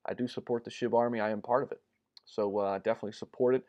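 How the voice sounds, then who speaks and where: A man hosting a casual livestream, chatty and upbeat, filling pauses with ums and uhs as he talks to viewers. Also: mid-range voice, fairly even intonation, a little mellow, dull audio. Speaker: crypto livestream host.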